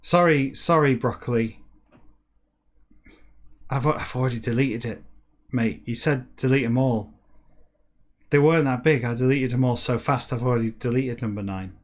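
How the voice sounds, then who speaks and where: A man's voice: medium pitch, normal speed, long pauses, lightly acted. A man doing a sheepish, matey starship computer. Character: casual apologetic male starship computer.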